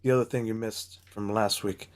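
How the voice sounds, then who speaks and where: A man's voice: on the low side, steady tone, normal speed. A man playing a tabletop game, talking with breezy, joking bravado. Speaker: player.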